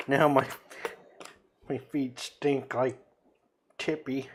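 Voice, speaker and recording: A man's voice: medium pitch, fairly even intonation, drawn-out words, pauses often. A man co-hosting a casual whiskey chat at home, joking around and slipping into silly accents. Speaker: co-host of a whiskey show.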